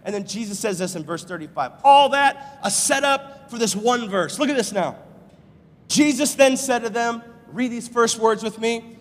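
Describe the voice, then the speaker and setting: Male pastor in a church sanctuary, high-pitched, slangy and conversational, building to loud preaching. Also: lively intonation, a little fast. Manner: casual, slangy, swings from quiet asides to loud proclamation. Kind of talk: sermon. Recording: long hall reverb.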